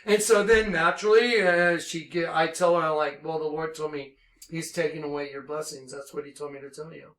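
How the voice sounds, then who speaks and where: High-voiced fervent man preaching. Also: a little fast, roomy sound. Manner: animated, swings between hushed and shouting. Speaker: self-styled minister. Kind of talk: impassioned religious monologue.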